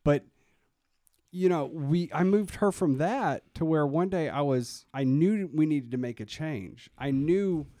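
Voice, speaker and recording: Podcast co-host, male, earnest storyteller who restarts his sentences, a bit high-pitched, dry close mic. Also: a little slow, dark tone, dry recording. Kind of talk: casual chat.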